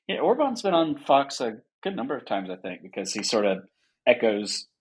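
A man's voice: medium pitch, sing-song, normal speed, husky. A man co-hosting a podcast in casual chat, jokey and teasing, laughing easily. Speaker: podcast co-host.

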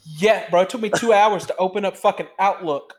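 A man co-hosting a podcast, telling work stories in animated, swear-heavy casual chat. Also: high voice, brisk. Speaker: podcast co-host.

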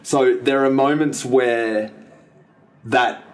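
A man's voice: mid-range voice, fairly even intonation, slow pace. A man co-hosting a podcast, chatting casually about a film and rambling with many restarts and self-corrections. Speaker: podcast co-host. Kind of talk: casual film review chat.

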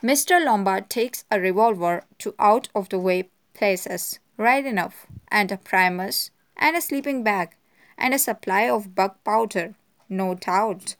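A woman voicing a blunt, suspicious male ex-inspector who talks gruffly and skeptically. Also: mid-range voice, measured pace, close to an everyday voice.

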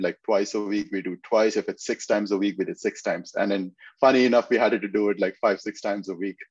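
A man who coaches fitness posing, talking in an earnest, measured way as a podcast guest. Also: lowish voice, darkish tone, dull audio. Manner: earnest, measured, explains step by step. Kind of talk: casual interview talk.

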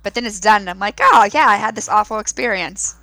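A woman in her thirties, a podcast co-host, chatting casually and telling stories with lively laughs. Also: mid-range voice, fast talker, no room sound. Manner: animated storytelling with laughs. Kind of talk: casual chat.

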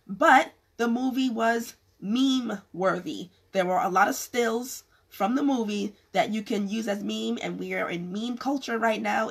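Woman vlogger, gravelly and husky, fading voice, blunt and rambling, casual advice to camera. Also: mid-range voice. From California. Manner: frank, rambling with many restarts. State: losing her voice. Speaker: vlogger giving business advice.

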